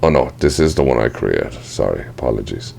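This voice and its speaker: Very low-voiced man with a gravelly edge, casual software tutor who thinks aloud and apologizes for his slips. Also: big pitch swings, a little fast, slight background noise. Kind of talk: screen-recorded software tutorial.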